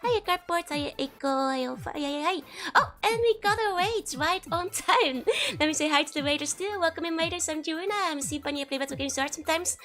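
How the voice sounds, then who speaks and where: A woman streamer with a Dutch accent chatting casually on a live stream, her voice hoarse from being sick, greeting her chat by name and laughing often. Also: high-pitched, brisk, a bit bright.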